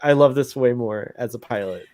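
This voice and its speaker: A man co-hosting a casual fan commentary podcast, excitable and quick to laugh. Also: medium pitch. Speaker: podcast co-host.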